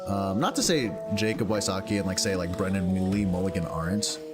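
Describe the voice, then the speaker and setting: Low-ish guy streaming a game, rambly, lots of likes, music going underneath. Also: brisk. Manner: rambling, filler-heavy, thinks aloud. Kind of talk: casual gameplay commentary.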